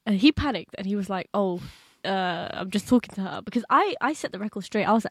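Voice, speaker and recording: A woman's voice: medium pitch, lively intonation, quick pace, hardly any pauses, breathy edge, dry recording, clean studio sound. A young woman, co-hosting a podcast and telling a story in casual chat, laughing and acting out quotes. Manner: chatty, laughing, acts out quotes in a raised voice. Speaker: podcast co-host.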